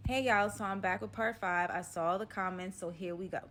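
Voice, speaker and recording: A young woman tells a personal story in an easygoing, slangy voice that sits at a middle pitch. She stays animated throughout and jumps into the voices of the people in her story. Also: moderate pace. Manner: animated, slangy and conversational, acting out dialogue.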